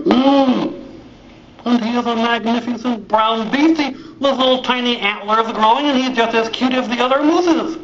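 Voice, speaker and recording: A man telling a comic fairy tale in deliberately broken English, full of sound effects. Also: extremely high pitch, a bit bright, slight background noise. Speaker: comic storyteller. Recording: roomy, dull live recording.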